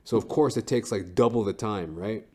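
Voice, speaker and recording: A man's voice: on the low side, moderate pace, a little mellow. A man hosting a podcast, telling a comic story in a profane, ranting way with frequent "right?". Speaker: podcast host.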